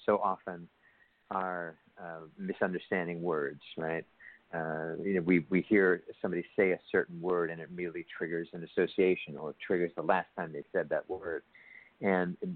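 A man speaking as a guest in an interview, animated and thoughtful. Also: low voice. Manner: animated, acts out quoted dialogue. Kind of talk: conversational interview. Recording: phone-like line, dry.

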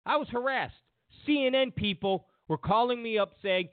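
Man, political commentary host, lively swooping pitch, mocking tone, tinny phone-like dry sound. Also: normal speed, few pauses, dry recording. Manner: mocking, sarcastic, repeats lines for emphasis.

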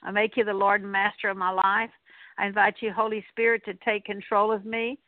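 This is a woman minister with a mid-range, level-toned voice who talks a little fast while leading a radio deliverance prayer. She repeats earnest declarations, sprinkling in a few fillers. The dry recording has a tinny, narrow-band radio quality.

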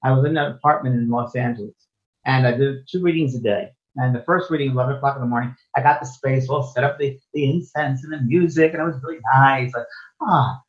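A man speaks as a guest in a casual interview, explaining his spiritual work earnestly. He often repeats or restarts a phrase before going on. His voice sits at a middling pitch, and the recording sounds dull and lo-fi. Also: fairly even intonation, fast talker.

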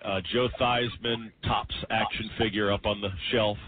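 A man's voice: lowish voice, flat delivery, moderate pace. Man on sports radio, dramatic storyteller. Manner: dramatic storytelling, mimicking family members. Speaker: radio host. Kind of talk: sports talk radio monologue. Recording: tinny radio broadcast with faint hiss.

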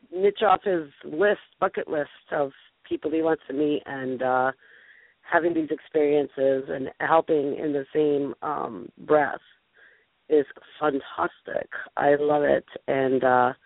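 A woman's voice: low-pitched, gravelly, no room sound. Woman host, gushy chatty delivery, stumbles and restarts, thin phone-line sound, dry. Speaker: show host. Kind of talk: casual live call-in show chat.

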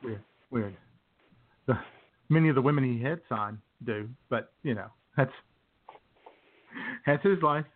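A man's voice: medium pitch, a little slow, long pauses. A man hosting a comedy radio show, trading dry, sarcastic remarks with his co-host. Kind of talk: casual comedy radio banter. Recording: tinny phone-like radio audio.

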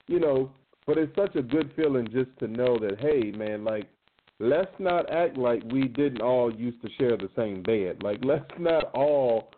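A man's voice: mid-range voice, lively intonation, unhurried. Man in his thirties over a phone line. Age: 30s. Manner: conversational, many fillers, laughs while telling stories. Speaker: guest panelist. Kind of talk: casual chat. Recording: tinny phone line with faint noise.

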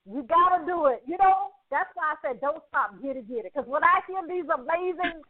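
A woman's voice: sits high, animated, fairly quick. A woman hosting a radio talk show, effusive and encouraging, laughing often. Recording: phone line.

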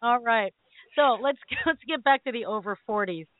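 A middle-aged woman hosting a call-in radio show, telling stories in an animated way and laughing often. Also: on the high side, moderate pace, no room sound. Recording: tinny phone-line sound.

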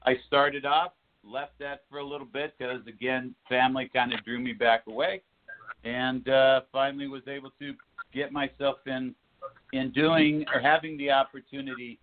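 Easygoing male guest on a phone line. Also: medium pitch. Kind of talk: casual interview chat. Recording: phone-like call audio.

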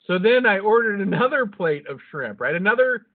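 A podcast co-host with a high, very animated voice tells a rambling story in a casual chat at normal speed. He swears constantly and laughs at his own jokes. The audio is lo-fi and phone-like.

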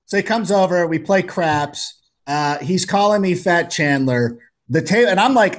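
Lively, higher-voiced male podcast guest. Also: measured pace. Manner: animated, jokey storyteller. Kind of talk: casual storytelling chat.

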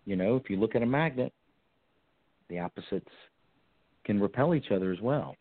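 A man's voice: on the low side, animated, normal speed, slightly rough, dry recording. A man hosting a call-in psychic reading show, giving reassuring, coaching advice to callers. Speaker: psychic radio host. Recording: tinny phone-like line, dry.

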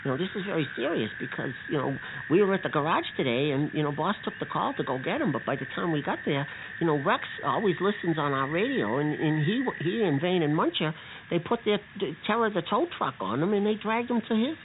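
An eager young boy bean, played by a man stammers and swoops all over his pitch range in a children's radio play. He sounds earnest and excitable. The sound comes through thin and phone-like, with loud hiss behind. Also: quick pace.

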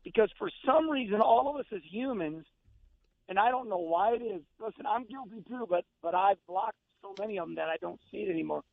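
A man's voice: high voice, animated, brisk, gravelly, no room sound. A middle-aged man, a former race driver, talking as a guest on a radio show in an emphatic, folksy way, repeating words and restarting sentences. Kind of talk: casual radio chat. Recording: tinny phone line.

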